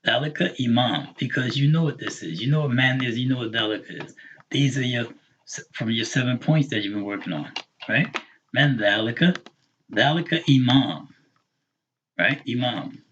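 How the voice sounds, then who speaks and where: A man teaching an introductory Arabic class, patiently repeating words slowly for his learners. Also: mid-range voice, lively intonation, a bit bright, a little hiss or hum. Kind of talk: online class lesson. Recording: dull lo-fi recording.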